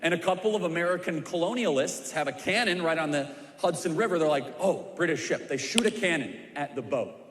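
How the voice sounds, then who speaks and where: A man's voice: a little high, animated, brisk, few pauses, a bit bright. A man telling a history story to a church crowd with emphatic, repeated punchlines. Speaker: speaker at a church civics event. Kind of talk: preaching a history story to a live audience. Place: large church auditorium. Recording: echoey hall with long reverb.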